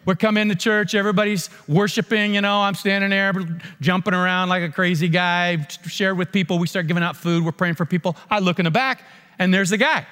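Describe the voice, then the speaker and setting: A man preaching a sermon, telling a mission story with animated, acted-out dialogue and frequent restarts. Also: high-pitched, fairly quick, smooth, in a large hall. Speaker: pastor.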